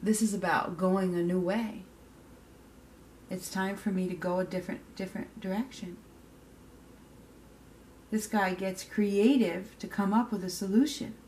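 A woman reads tarot cards in a casual, unscripted way. She is blunt and emphatic, repeats her points and tags them with "okay?", and swears without a second thought. Her voice sits at an ordinary middle pitch. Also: steady tone, a little slow, long pauses, a little mellow, slight background noise. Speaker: tarot reader. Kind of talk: casual tarot card reading.

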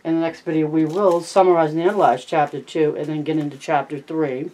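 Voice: medium pitch, steady tone, a little fast, darkish tone, recorded from a distance, poor audio. A reader narrating a novel aloud for a study guide, adding brief remarks of their own. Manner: plain reading with brief remarks. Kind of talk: reading aloud with personal asides.

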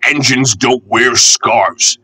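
Henry, a man doing a proud slow-talking engine. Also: medium pitch, pushed and bright, slightly rough, heavily acted, rough recording. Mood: grumbly. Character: proud, grumbly big male green engine. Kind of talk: storybook character voice.

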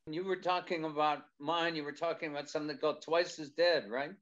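A man, a screenwriter guest, describing a project in casual chat, halting and searching for words. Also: fairly high pitch, steady tone, fairly bright tone. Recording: slightly dull lo-fi audio.

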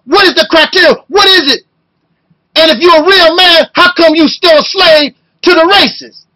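A man in his fifties delivering an impassioned video rant, talking loud and emotional and firing off rhetorical questions. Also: very high-pitched, moderate pace, low-quality recording. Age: 50s. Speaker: video blogger.

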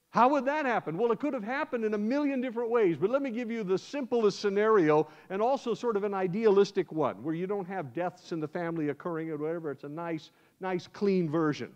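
An American man, a guest preacher, telling a sermon as a lively first-person story. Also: high-pitched. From United States. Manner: animated, acts out scenes in first person. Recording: dull lo-fi sound.

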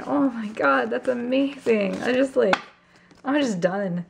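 A woman vlogging a card pack opening, gasping and gushing with excitement as she reads out each card. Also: on the high side, unhurried, gravelly, a little hiss or hum. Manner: gasping, gushing, breathless exclamations. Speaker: YouTuber opening trading card packs. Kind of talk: excited unboxing vlog.

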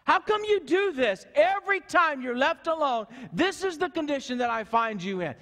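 A man preaching acts out an exasperated shepherd scolding a fallen sheep, in a high, strained shout. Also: big pitch swings, moderate pace, exaggerated voice. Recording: echoey church hall.

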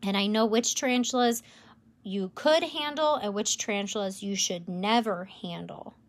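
A woman educator presenting tarantulas in a live stream, enthusiastic and gentle, cooing at the animals. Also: medium pitch, normal speed. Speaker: insect zoo educator. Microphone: livestream camera mic.

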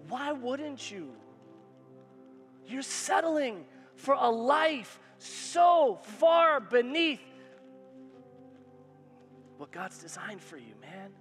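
Speaking extremely slowly with long pauses, a male pastor preaches in a very high, fairly bright voice that is very animated. His emphatic, repetitive sermon features call-and-response phrases, recorded in a church sanctuary with hall reverb and faint music.

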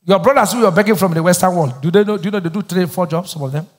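A man's voice: high-pitched, rapid-fire, big-room sound. A Nigerian man preaching a sermon as pastor, asking the crowd to finish his lines in call-and-response. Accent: Nigerian English.

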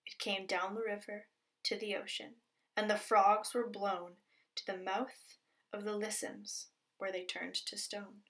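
A woman from the Pacific Northwest coast, a teacher, reading a storybook aloud in a gentle, expressive way and sometimes dropping to a soft whisper. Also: mid-range voice, unhurried, gravelly.

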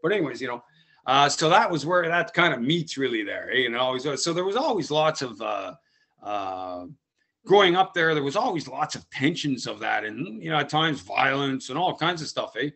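A man's voice: mid-range voice, animated, normal speed, pushed and bright. A man from Canada with a Canadian accent tells a rambling personal story, full of digressions and restarts. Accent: Canadian English. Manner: digressive, frequent restarts and tag "eh?".

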